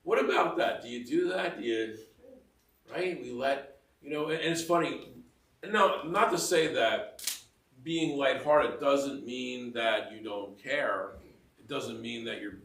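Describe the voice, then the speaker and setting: A man's voice: mid-range voice, unhurried, fairly bright tone, slight background noise. A middle-aged man giving a conversational homily, chatty and self-mocking, full of asides and laughter. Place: church. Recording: roomy echo, mic heard from a distance.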